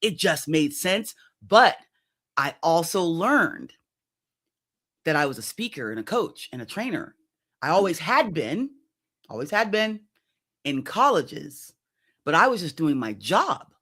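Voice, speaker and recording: A woman in her fifties, a coach, telling her own story in an interview in a lively, conversational way and often checking in with "right?". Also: sits low, a little slow, long pauses. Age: 50s. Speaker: executive coach guest.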